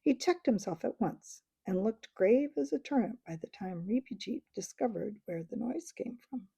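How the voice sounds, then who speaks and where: A woman reading a children's storybook aloud, expressive in her delivery. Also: mid-range voice, moderate pace, gravelly, hardly any pauses, breathy edge, no echo. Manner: expressive, varied voices for characters. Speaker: audiobook reader.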